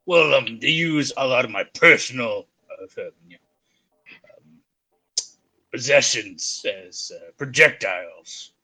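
A young man playing a tabletop game, hesitant and halting with many fillers. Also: medium pitch, sharp tone, low-quality recording. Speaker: player.

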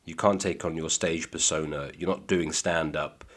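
A man with an extremely deep, husky voice trades stories on a podcast. His delivery is dry and deadpan, and his jokes are played straight. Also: normal speed. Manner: deadpan, dry comic storytelling. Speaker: comedian guest. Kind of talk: casual podcast chat.

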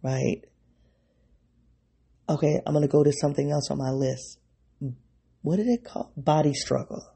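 A man's voice: fairly high pitch, fairly even intonation, normal speed, vocal fry, pauses often, mellow, husky. A man hosting his own podcast, thinking aloud in a rambling, self-interrupting way and speaking straight to his listeners. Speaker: podcast host. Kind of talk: reflective solo podcast monologue.

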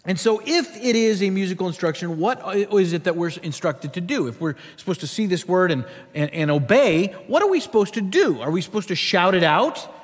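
Lively storytelling male pastor in a hall. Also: high voice, a little fast, few pauses. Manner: storytelling with humorous asides. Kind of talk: sermon.

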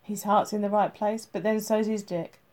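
A woman voicing a gruff male police chief who is firm and blunt with his detective, in an audiobook reading. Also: medium pitch, level tone, normal speed, a little mellow, lightly acted.

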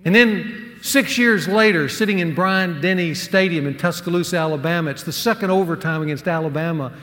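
Guy preaching to men, kinda high voice, big echoey hall, really emphatic. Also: a bit bright. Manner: earnest, emphatic storytelling with dramatic pauses. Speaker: pastor teaching a men's series. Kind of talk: sermon. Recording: long hall reverb.

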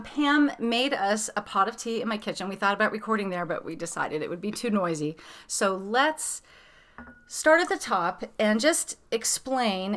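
A woman's voice: medium pitch, a bit bright, no echo. Chatty podcast host woman, dry sound. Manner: chatty, rambling, many fillers. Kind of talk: casual chat.

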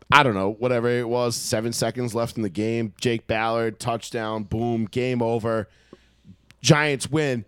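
A man telling a story loudly and profanely in a casual podcast chat. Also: medium pitch, normal speed, clear, resonant tone, dry recording, clean studio sound. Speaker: podcast co-host.

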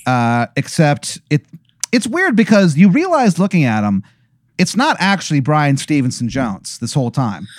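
A man's voice: on the high side, sing-song, moderate pace, no echo, studio quality. A man improvising a comic story for a friend, rambling through fillers and breaking into laughter. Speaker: storyteller posing a hypothetical.

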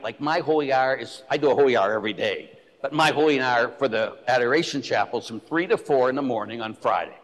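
A man, a Catholic priest, giving a blunt, animated, joking sermon to his listeners. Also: medium pitch, quick pace, hardly any pauses. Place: church. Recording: echoey church hall.

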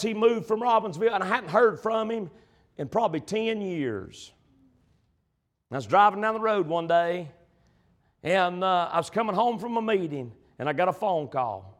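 A male preacher with a voice that sits high delivers an emphatic sermon, swinging between loud passages and hushed ones.

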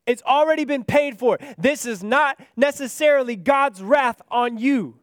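Male preacher, very high pitch, earnest sermon delivery, dry close sound. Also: unhurried, clear, resonant tone, no echo. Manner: earnest, building to impassioned pleas then dropping soft.

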